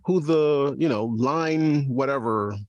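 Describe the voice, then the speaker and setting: A man in a casual podcast discussion, speaking in a halting way and often repeating words as he works out his point. His voice sits at an ordinary middle pitch. The sound is dry and close, with no room echo. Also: dull audio. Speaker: podcaster and guest.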